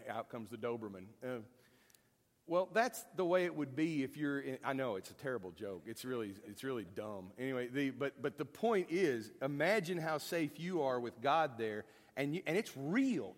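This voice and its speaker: A man teaching a Bible lesson in a folksy, conversational, joking way. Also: medium pitch. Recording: long hall reverb.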